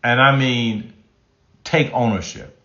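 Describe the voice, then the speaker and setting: A man's voice: medium pitch, fairly even intonation, takes it slowly, sharp tone. A man hosting a live stream as a relationship coach, reading chat comments and talking emphatically, repeating his key phrases and often restarting his sentences. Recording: roomy, slightly dull sound.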